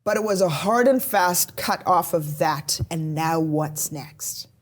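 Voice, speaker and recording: A woman's voice: low-pitched, slow pace. A woman in her forties from South Africa, a police constable telling her story as a podcast guest in a candid, reflective way. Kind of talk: casual podcast interview.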